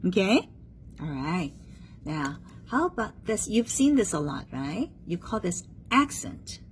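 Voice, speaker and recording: A woman's voice: on the low side, very animated, a little slow, a little hiss or hum, low-quality recording. A woman teaching a one-on-one music theory lesson, patient and checking understanding often, having the student repeat terms after her.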